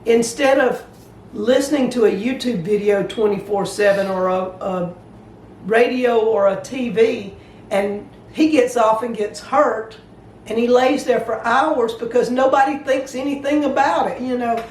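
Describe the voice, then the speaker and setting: A woman's voice: fairly high pitch, a little slow, a little mellow, roomy sound, distant mic, slight background noise, poor audio. An older woman with a Southern US accent, co-hosting a homestead channel and chatting plainly and homey with viewers. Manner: plainspoken, homey, explains things. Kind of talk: casual chat to viewers.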